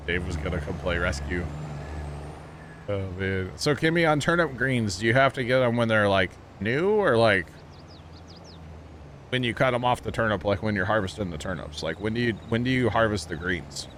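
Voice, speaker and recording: Chatty man, low voice. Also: fairly bright tone, slight background noise. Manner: rambling, chatty, trailing off with fillers. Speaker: game streamer. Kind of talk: casual livestream chat while gaming.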